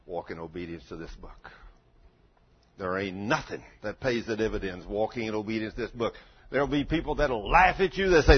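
An older man preaching a sermon in a folksy storytelling way that swells into loud fervor, in a dull lo-fi recording. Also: on the low side, breathy edge.

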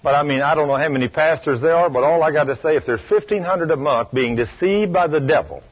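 A husky, fairly high-voiced man preaches a sermon in a folksy, storytelling way. He swings between loud, emphatic bursts and low, quiet asides. The recording sounds dull and lo-fi, like an old radio broadcast. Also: fast.

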